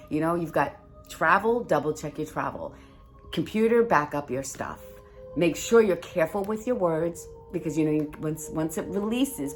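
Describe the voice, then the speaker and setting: A woman hosting a casual spiritual video from home by the fire, chatting in a rambling way with fillers and giving encouraging advice. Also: sits low. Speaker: host reading oracle cards. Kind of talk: casual spiritual vlog chat.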